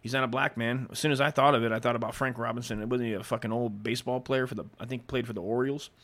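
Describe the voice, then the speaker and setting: A man's voice: mid-range voice, fairly even intonation, fast, a bit bright. A man hosting a podcast, reading history aloud and breaking off into rambling, profane asides, and he often stumbles over the written words. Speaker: podcast host.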